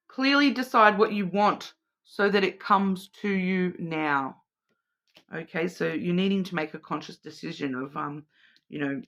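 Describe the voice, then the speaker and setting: A tarot and oracle card reader talks through an intuitive reading in a loose, meandering way. Her voice is bright and forward yet on the low side, and she hesitates, repeats words and restarts phrases as she goes.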